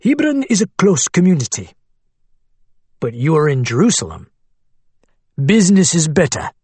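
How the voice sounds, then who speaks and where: A man's voice: a little high, wildly swooping pitch, normal speed, a little mellow, husky, no room sound, heavily acted. A man voicing an old male antiques dealer, shrewd and jovial, with a thick Arabic accent. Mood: jovial, bargaining.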